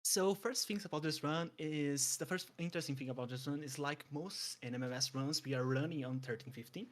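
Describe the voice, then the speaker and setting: A young man commentating a live speedrun, eager and stumbling over restarts with quick chuckles. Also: fairly high pitch.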